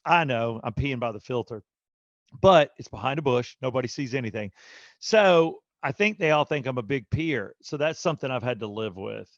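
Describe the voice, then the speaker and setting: A man's voice: mid-range voice, normal speed, no room sound, highs cut off. A man co-hosting a podcast, telling a casual story and animatedly acting out the people in it with voices. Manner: animated, acts out quotes with voices. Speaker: podcast co-host.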